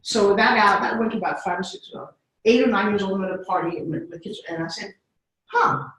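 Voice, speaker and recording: With lively energy and quick delivery, a middle-aged woman tells stories and slips into character voices. Her mid-range voice is distant from the mic and very echoey, like in a large empty room, with background noise present.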